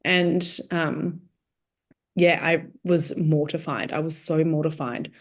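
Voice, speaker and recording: Low-voiced woman telling her story. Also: takes it slowly. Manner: animated, acts out quoted dialogue. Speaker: guest sharing her testimony. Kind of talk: casual conversational storytelling.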